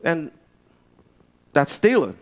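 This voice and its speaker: Animated conversational man preaching. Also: a little high, takes it slowly. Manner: conversational preaching, restarts and asides, swings from loud to hushed. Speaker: pastor. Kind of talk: sermon.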